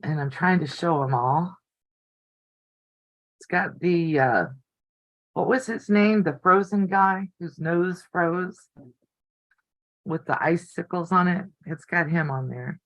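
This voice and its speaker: A woman's voice: on the low side, slow pace, pauses often, fairly bright tone, no room sound, rough recording. An older woman hosting a casual live stream from her home craft room, chatty and easily delighted. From United States. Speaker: quilting channel host.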